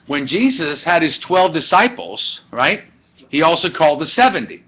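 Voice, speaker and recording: A man's voice: fairly high pitch, sing-song, normal speed, slightly rough. A man teaching a church history class, walking through dates and quizzing his students as he thinks aloud. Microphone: webcam. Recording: muffled webcam audio.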